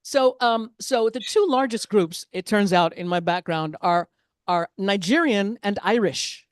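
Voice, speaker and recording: A woman's voice: mid-range voice, measured pace, smooth, no echo, clean studio sound. A woman performing a stand-up comedy set, chatty and self-deprecating, with asides to the audience.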